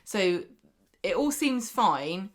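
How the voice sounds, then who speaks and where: A woman's voice: mid-range voice, drawn-out words. A woman co-hosting a podcast, chatting casually and acting out the lines she quotes. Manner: lively storyteller who acts out quotes. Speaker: podcast co-host. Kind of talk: casual chat recapping a soap.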